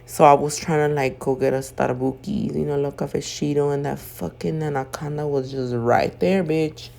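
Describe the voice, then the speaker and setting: A just-woken woman talks through a casual nail-video voiceover from home, her voice sitting low and full of gravelly fry. She chats in loose, swear-heavy slang and sounds drowsy, with a throat that keeps catching. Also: fairly even intonation, moderate pace, darkish tone. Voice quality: throat feels off, clears throat. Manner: chatty, profane, slangy storytelling. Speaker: nail artist and video host. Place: at home doing her makeup.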